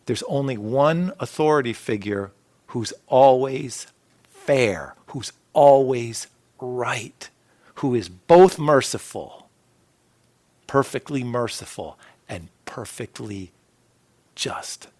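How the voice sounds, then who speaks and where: A man preaching a sermon as a pastor, earnest, with phrases that swell and then drop to a soft hush. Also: medium pitch, big pitch swings, slow, long pauses. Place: church sanctuary.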